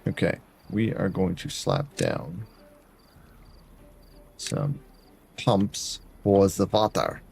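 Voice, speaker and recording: A man's voice: low voice, very animated, extremely slow, creaky, pauses often, a little mellow, breathy edge. A man streaming a building game, chatting casually and talking to viewers by name as he plays. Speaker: variety streamer. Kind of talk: casual gameplay commentary.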